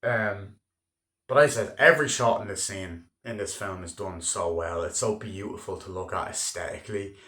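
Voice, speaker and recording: Excitable young man reviewing a film. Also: low-pitched, normal speed. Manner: excitable, swearing, acts out scenes with raised voice. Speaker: movie reviewer. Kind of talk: casual spoken film review. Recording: echoey room.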